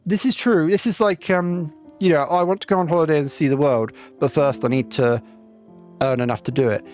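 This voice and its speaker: A man's voice: a little high, a little mellow. A man streaming a game and chatting with live viewers, rambling and reflective with lots of ums. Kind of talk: casual chat with live viewers while playing. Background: faint game music.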